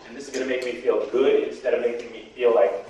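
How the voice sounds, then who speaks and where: A man giving an animated talk to a patient support group, often checking in with "okay?". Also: medium pitch, fast talker, a little hiss or hum. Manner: animated, repeats "okay?" to the audience. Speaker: guest speaker. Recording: echoey room, distant mic.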